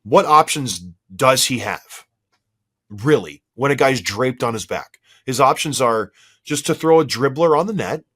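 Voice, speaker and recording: A hoarse man co-hosts a hockey podcast and tears into a defensive play, asking question after question in exasperation. His pitch swings widely as he gets worked up. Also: lively intonation, unhurried, a bit bright. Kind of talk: heated sports analysis chat.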